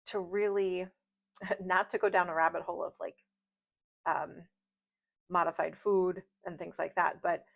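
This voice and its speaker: An American tarot reader gives a casual reading at home at night, chatty and rambling, with light laughs and side stories. Her voice is lowish and creaky. Recorded video-call style, the audio is slightly dull and lo-fi, with faint outdoor noise.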